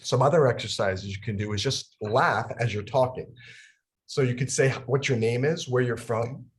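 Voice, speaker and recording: A young adult man from New York leading a laughter yoga session on a video call. He talks with lively energy, laughing through his words and breaking into ha-ha chants. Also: mid-range voice, normal speed. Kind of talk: energetic instructional talk.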